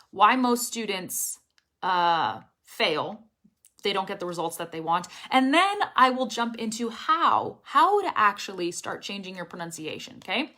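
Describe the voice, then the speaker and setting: Bright, strong-voiced woman teaching English. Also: mid-range voice. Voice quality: strong, well-supported voice. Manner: energetic, emphatic, checks in with frequent "okay?". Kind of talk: casual online lesson.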